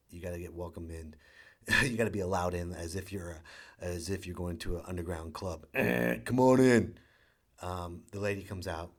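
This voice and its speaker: A man, a father, hosting a podcast and telling a rambling, sarcastic comedic story. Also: on the low side. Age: young adult to middle-aged, a father. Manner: rambling, sarcastic, acts out quotes. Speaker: podcast host.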